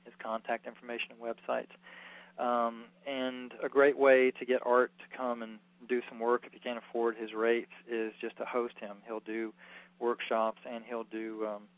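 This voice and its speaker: A man's voice: mid-range voice, no room sound. A man giving a rambling, earnest informal lecture as a healing workshop teacher, full of fillers. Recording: tinny phone-like recording.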